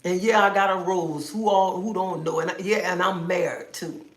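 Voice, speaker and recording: A woman's voice: on the low side, steady tone, moderate pace. A woman hosting a casual livestream from home, chatting and playfully scolding her viewers in a sassy, talkative way. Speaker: livestream host. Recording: roomy echo.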